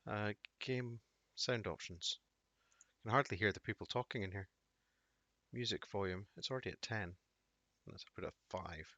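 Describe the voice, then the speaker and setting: A man's voice: on the low side, moderate pace, long pauses, sharp tone, no room sound. A man streaming a game, making wry, chatty asides and thinking aloud as he plays. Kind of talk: casual live gameplay commentary. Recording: dull dry home audio.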